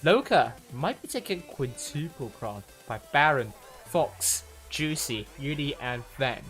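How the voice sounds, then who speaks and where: A man's voice: medium pitch, expressive, a bit bright, faint music behind. Rambling man casting a livestream. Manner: rambling, halting, many fillers and restarts. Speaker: stream caster. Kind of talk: live esports commentary.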